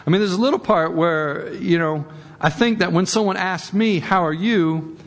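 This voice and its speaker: A man's voice: high-pitched, normal speed, gravelly, a bit bright, big-room sound. A man preaching a sermon in a conversational way, often repeating words and rising for emphasis. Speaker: pastor.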